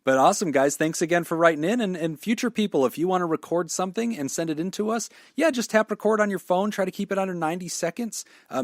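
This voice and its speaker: A man's voice: on the high side, no room sound, studio quality. A man in his thirties co-hosting a podcast in casual chat, joking and laughing often. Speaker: podcast co-host.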